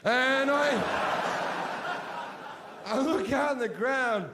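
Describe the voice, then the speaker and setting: A man doing stand-up, spinning a crude story in a flat, deadpan way. His voice sits fairly high and now and then jumps to a shout. The live room noise comes through clearly behind him. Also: very slow. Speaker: stand-up comedian.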